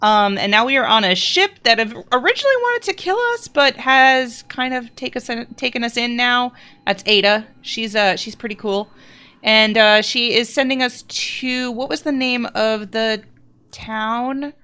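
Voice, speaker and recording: A woman's voice: on the high side, moderate pace, clear, resonant tone. A woman from New Jersey with a New Jersey accent, chatting casually at her home desk while playing a game. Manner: chatty, rambling, excitable in combat. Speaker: let's play host. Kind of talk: casual gameplay commentary.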